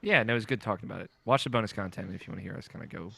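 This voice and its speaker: A man's voice: fairly low pitch, very fast, gravelly, bright, forceful tone, slight background noise. A man hosting a podcast in casual chat, loose and joking, laughing often. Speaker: podcast host.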